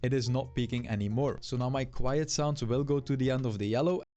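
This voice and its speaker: A man's voice: mid-range voice, steady tone, a little fast, dull audio, a crowd in the background. Man explaining settings step by step. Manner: explains settings plainly and steadily. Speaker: tutorial narrator. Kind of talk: step-by-step instructions.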